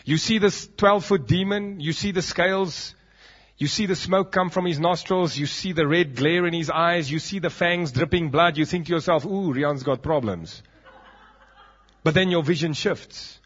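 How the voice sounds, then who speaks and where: South African male pastor, husky and fairly high, emphatic sermon delivery, lo-fi sound. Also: steady tone, moderate pace, fairly bright tone. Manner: emphatic preaching with dramatic drops. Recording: dull lo-fi recording.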